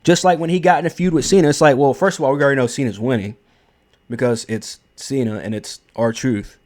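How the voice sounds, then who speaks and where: A man's voice: medium pitch, steady tone, fairly quick, darkish tone. A young man giving casual, blunt opinion commentary, emphatic and profane, with frequent fillers and restarts. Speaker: wrestling commentary host.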